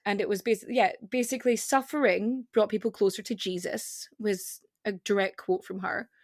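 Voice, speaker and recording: A woman guest on a podcast, talking casually in quick, rambling runs with frequent restarts. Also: mid-range voice, steady tone, no echo, clean studio sound.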